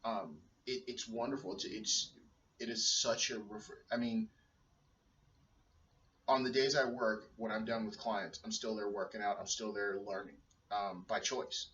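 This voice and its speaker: A man's voice: fairly low pitch, fairly even intonation, a little slow, a bit bright, slight background noise. A man in his thirties talking earnestly into a video blog, rambling with many restarts and fillers. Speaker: personal trainer and stay-at-home dad. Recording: roomy, dull sound from a distance.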